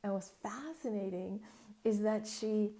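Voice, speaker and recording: A woman hosting a casual solo podcast, chatty and animated as she tells a client story. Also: medium pitch, a little slow. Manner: chatty and animated, acts out voices in quotes. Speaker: business mentor and podcast host.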